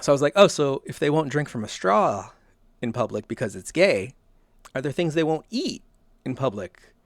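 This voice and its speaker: A man from the American South hosts a casual podcast, telling rambling stories and chuckling often. His medium-pitched voice has big pitch swings and a moderate pace, recorded dry with clean studio sound.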